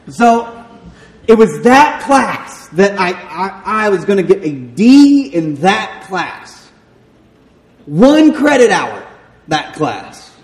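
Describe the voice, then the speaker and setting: Animated Southern preacher in an echoey church. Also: male voice, fairly high pitch. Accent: Southern American. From Southern United States. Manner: animated storyteller, self-mocking, acts out voices. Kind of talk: sermon with personal story. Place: church sanctuary. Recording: echoey hall with long reverb.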